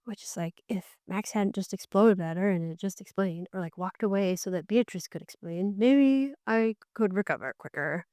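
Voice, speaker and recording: A woman hosting a book podcast, giving a casual, animated recap and slipping into characters' lines as she goes. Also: mid-range voice, normal speed, hardly any pauses, no echo.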